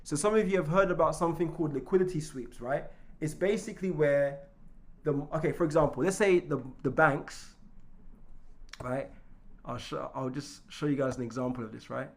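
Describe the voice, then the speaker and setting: Male trading coach, lively and chatty, slightly higher voice, keeps checking in. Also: moderate pace. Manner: energetic, keeps checking in with "right?"; repeats and restarts words. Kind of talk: live online trading lesson.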